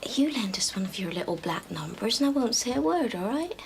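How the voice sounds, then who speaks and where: A gossipy woman with a teasing, blunt tongue. Her voice runs high and swings up and down freely. Background noise hums behind her on the TV soundtrack. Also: very animated, a little fast, gravelly. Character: cheeky gossipy woman friend, nosy and blunt.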